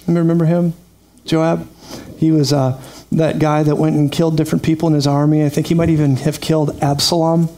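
A man's voice: on the high side, warm tone. A man preaching a sermon in a chatty, storytelling way with laughing asides.

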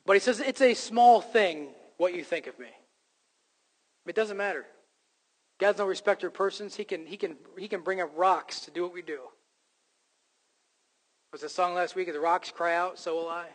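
A man delivers a sermon from the pulpit, emphatic and earnest, slipping in wry jokes at his own expense. His voice sits fairly high for a man. The sound rings with the long reverb of a church sanctuary. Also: steady tone, moderate pace, long pauses, fairly bright tone. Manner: emphatic preaching with self-deprecating jokes. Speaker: pastor.

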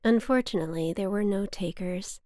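A young adult woman reading her personal essay aloud in a hushed, often whispered, intimate way. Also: medium pitch, normal speed, no room sound, studio quality. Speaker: narrator of her own memoir.

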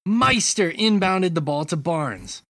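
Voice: medium pitch, animated, fairly bright tone, no room sound. A podcast co-host who teases the others and reads out a comedy sports skit. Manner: slow, teasing delivery. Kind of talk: casual chat and reading a comedy skit.

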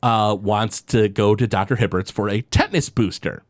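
Recapping a cartoon episode casually on a podcast he co-hosts, this man drops into playful voices while retelling scenes. His voice is lowish, his pace moderate, and the recording is studio quality with no room sound.

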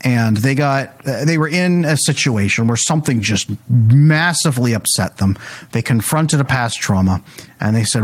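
A man's voice: mid-range voice, moderate pace. A man, a coach, explaining his method in a casual conversation, acting out the people he quotes. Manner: animated storytelling, acts out quoted voices.

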